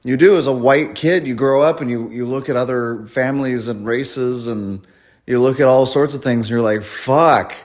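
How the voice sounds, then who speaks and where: A man's voice: mid-range voice, normal speed, darkish tone. A man performing a rambling, crude, self-deprecating stand-up comedy set at a live show.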